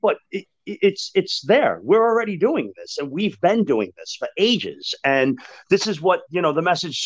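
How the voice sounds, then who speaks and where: A man speaking as a union manager and podcast guest, talking frankly and emphatically in an animated conversation. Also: sits high, no echo. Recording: dull lo-fi dry sound.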